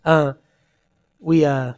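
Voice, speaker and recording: A man in his thirties preaching a sermon, earnest and conversational, swinging between loud emphasis and soft, quiet asides. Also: fairly high pitch, fairly even intonation, very slow. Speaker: pastor.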